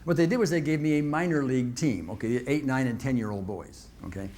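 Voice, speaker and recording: A motivational speaker tells an audience a long personal story in a folksy manner, chuckling often and checking in with "okay?". His voice is medium-pitched, fairly quick and somewhat dark in tone.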